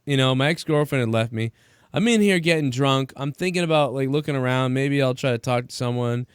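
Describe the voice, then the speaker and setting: A man's voice: medium pitch, fairly quick, clean tone, no echo, studio quality. A man in his thirties hosting a casual chat, telling a bar story full of swearing and acted-out quotes. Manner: profane, animated storyteller acting out quotes. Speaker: podcast host.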